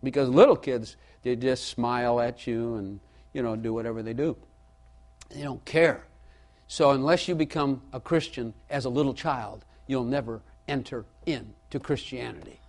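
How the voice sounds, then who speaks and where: A man's voice: medium pitch, moderate pace, darkish tone. A man preaching a sermon in a folksy way, repeating his key lines for emphasis and asking the audience questions. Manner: folksy storytelling with asides to the audience.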